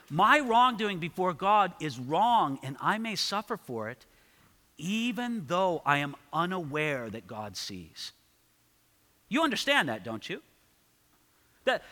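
A man preaching an expository sermon, emphatic, slowing to repeat his key points and lifting his voice when he reads scripture. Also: high voice, sharp tone. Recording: long reverb of a large hall.

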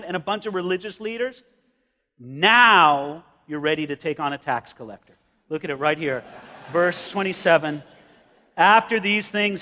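A man preaching a sermon, acting out scenes with lively voices. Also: high-pitched. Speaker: pastor. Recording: long hall reverb.

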